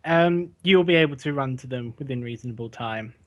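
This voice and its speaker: A man's voice: mid-range voice, fairly quick, muffled recording. A man running a tabletop role-playing game as game master, hesitant with many fillers.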